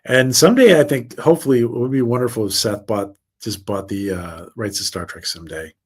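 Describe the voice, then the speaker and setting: A man's voice: medium pitch, fairly quick, husky. A man hosting a casual livestream, chatting with viewers and reading their comments in a rambling, upbeat way with frequent restarts. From United States. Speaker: livestream host.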